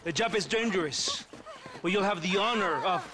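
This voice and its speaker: An actor playing a smooth, flattering Mexican army captain with a Mexican accent and a ceremonious, chuckling manner, in a video game. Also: male voice, high voice, moderate pace, close to an everyday voice. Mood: formal. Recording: noisy game audio.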